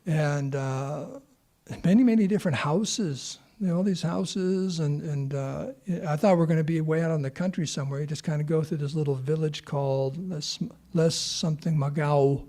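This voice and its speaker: A man leads an informal scripture class and wanders through his stories. His voice sits somewhat high yet sounds dark and mellow, with a gravelly edge. He talks casually and rambles. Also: moderate pace. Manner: chatty, rambling storytelling.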